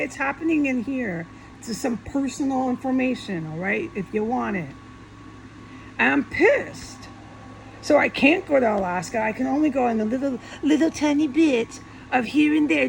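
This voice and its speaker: A woman's voice: fairly high pitch, creaky, a little hiss or hum, low-quality recording. A woman talking alone in an angry, profane, repetitive monologue, speaking to viewers from her home. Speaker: vlogger.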